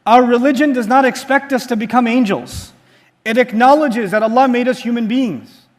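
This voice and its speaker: Male preacher, very high voice, lively storyteller, quizzes the audience. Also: normal speed. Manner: asks the audience rhetorical questions; animated storytelling. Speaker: Islamic teacher. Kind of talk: sermon-style lecture.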